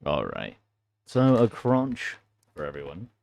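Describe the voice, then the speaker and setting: A man's voice: a bass voice, huge pitch swings, slow pace, gravelly, darkish tone, no echo. A man hosting a live stream, chatting casually and playfully with viewers. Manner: laid-back, playful.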